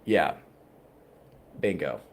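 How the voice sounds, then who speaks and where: A man's voice: very deep voice, expressive, extremely slow, gravelly, a little hiss or hum. A man hosting a casual livestream podcast, rambling through viewer chat in a wry, profane way. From United States. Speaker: podcast host reading chat.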